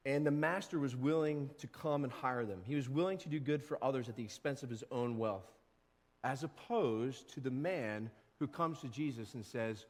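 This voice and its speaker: A man preaching a sermon as pastor, animated, acting out short voices and quotes. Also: medium pitch, in a large hall. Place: church sanctuary.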